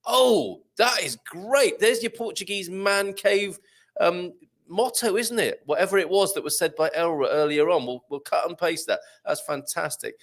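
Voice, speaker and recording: A man's voice: on the high side, a bit bright. A man hosting a live chat show, reading out viewer comments in a jokey, chatty way. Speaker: host.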